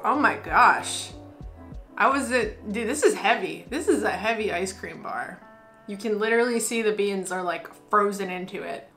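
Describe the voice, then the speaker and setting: A woman's voice: medium pitch, normal speed, bright, forceful tone, soft background music. A young woman from the United States, gushing playfully while taste-testing in a casual vlog. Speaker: food vlogger.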